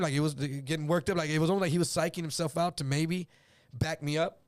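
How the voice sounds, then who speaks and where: A man's voice: a little high, steady tone, fast talker, vocal fry, no echo, clean studio sound. A man from El Paso telling a story as a guest, acting out other people's voices and swearing freely. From El Paso, Texas. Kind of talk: casual storytelling on a livestream.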